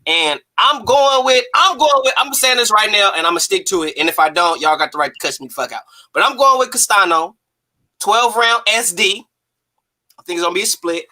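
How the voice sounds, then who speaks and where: A man hosting a casual boxing talk show, animated, slangy and emphatic. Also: high voice, brisk. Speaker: host.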